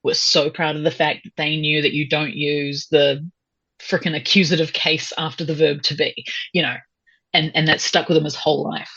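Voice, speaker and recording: A woman with a New Zealand accent, a podcast guest picking a film apart with animated, sardonic commentary. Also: low voice, normal speed, husky, no room sound, lo-fi sound. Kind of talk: casual film-review chat.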